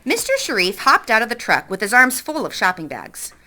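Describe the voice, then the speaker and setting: Expressive woman teacher reading aloud. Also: on the high side, fairly quick. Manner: expressive, stops to quiz the class. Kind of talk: reading a novel aloud to a class.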